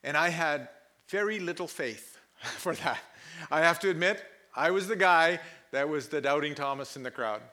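Pastor mid-sermon, animated storyteller, bright and a touch high. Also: male voice, normal speed. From Pakistan. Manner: animated, laughing, acts out quoted people loudly.

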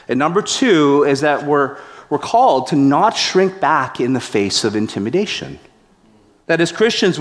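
Pastor preaching in a reverberant hall. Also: male voice, a little high. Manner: animated storyteller acting out quotes. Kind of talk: sermon storytelling.

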